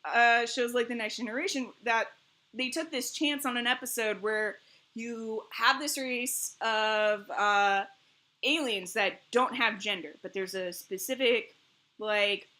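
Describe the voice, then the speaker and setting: A woman streamer in casual chat, animated and rambling, laughing often between thoughts. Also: on the high side, a little slow. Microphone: streaming mic.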